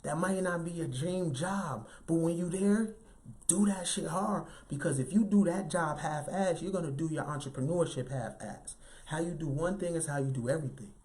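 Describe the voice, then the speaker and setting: A man giving an animated, emphatic motivational talk in a light, youthful voice, often tagging lines with "right?". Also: on the high side, normal speed. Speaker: motivational speaker.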